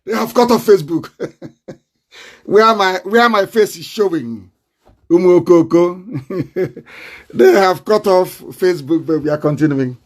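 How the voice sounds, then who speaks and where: A man's voice: sits high, unhurried, long pauses. A man with a Nigerian accent, speaking in a fiery, confrontational live online broadcast and breaking into mocking laughter. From southeastern Nigeria.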